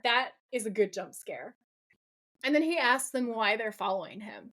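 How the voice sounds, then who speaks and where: A woman with a fairly high voice chats casually on a podcast. She recaps a TV episode with animated energy and acts out the characters' lines as she tells it. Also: normal speed. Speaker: podcast co-host.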